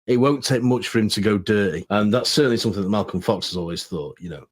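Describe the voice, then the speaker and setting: Thoughtful low-voiced male podcast co-host. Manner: thoughtful, measured, explains in long trailing phrases. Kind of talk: casual film discussion.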